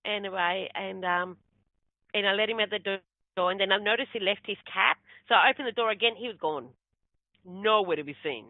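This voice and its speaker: Speaking briskly at medium pitch, the middle-aged spiritual medium tells a rambling personal story as a guest in a casual interview, taking on the voices of those she quotes. The recording is tinny and phone-like, dry and close, with no room sound at all.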